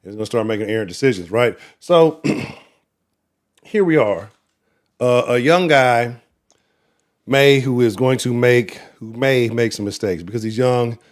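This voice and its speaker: A man hosting a live sports talk show, giving profane, animated, trash-talking commentary. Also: mid-range voice, measured pace. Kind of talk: casual livestream sports commentary.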